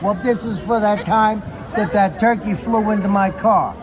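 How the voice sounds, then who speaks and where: A man's voice: high voice, normal speed, over music. A man giving a jokey, wisecracking travel report at a theme park. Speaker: travel segment correspondent. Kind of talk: casual comedic vlog-style travel report. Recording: crowd and outdoor noise behind.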